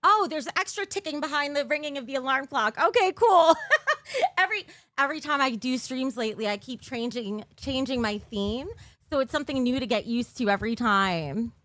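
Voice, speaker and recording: A woman's voice: sits high, fairly quick, pushed and bright, no echo, clean studio sound. A woman live-streaming from her bedroom, chatting casually with her viewers on a desk mic and giggling often.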